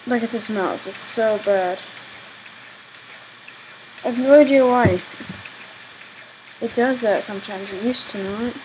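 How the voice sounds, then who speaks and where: Young woman gamer commenting as she plays, kinda high voice, gets exasperated a lot, faint hiss behind. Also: unhurried, pauses often, a little mellow, poor audio. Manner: chatty, exasperated, exclaims often. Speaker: gaming channel host. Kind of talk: casual gameplay commentary.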